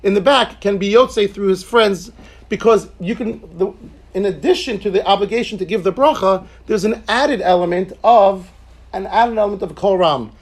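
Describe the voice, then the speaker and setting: Male Talmud teacher, high voice, chatty lecture style, plenty of restarts and asides. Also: normal speed. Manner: conversational, joking asides, repeats and restarts.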